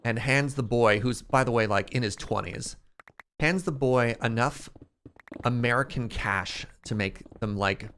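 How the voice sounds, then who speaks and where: A man streaming a game, chatting casually and telling stories in an animated way to his chat. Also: medium pitch, a little slow, slight background noise. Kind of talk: casual storytelling while playing.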